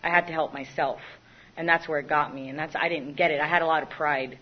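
A woman's voice: low voice, fairly even intonation, quick pace. A young woman giving a candid, self-mocking personal recovery testimony, often stopping and restarting her sentences. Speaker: recovery speaker. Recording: dull lo-fi recording.

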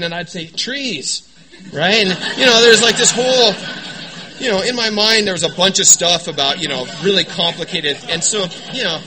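A man tells his recovery story to a meeting crowd. His voice sits a bit high and sounds bright and forceful, and he keeps it animated with quips and asides to the listeners. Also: a little hiss or hum, poor audio. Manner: animated, joking storyteller with lots of "right?" and "you know". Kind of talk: personal testimony talk. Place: meeting room with an audience.

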